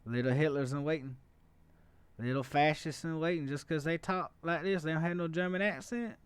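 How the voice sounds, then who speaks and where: A man's voice: a little high, clean tone, no room sound, close to an everyday voice. A man putting on an exaggerated Southern US accent to play a mocking, sneering Southern man. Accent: put-on Southern US.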